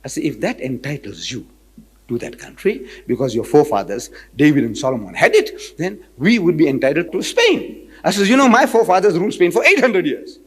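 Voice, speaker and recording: A man giving a storytelling lecture, acting out both sides of a debate and quoting scripture in a measured cadence. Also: on the high side, big pitch swings, husky. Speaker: Islamic lecturer.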